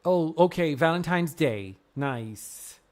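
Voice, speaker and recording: A woman's voice: sits low, expressive, takes it slowly, a little mellow. A woman streamer chatting casually on a live stream, gushing effusively with frequent exclamations, laughs and gasps. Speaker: streamer reviewing fan art.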